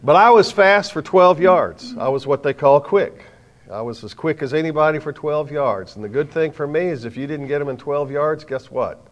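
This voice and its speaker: A middle-aged man preaching a sermon to a live audience, telling stories with self-mocking humor and swinging from quiet asides to loud bursts. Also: a little high, moderate pace, highs cut off.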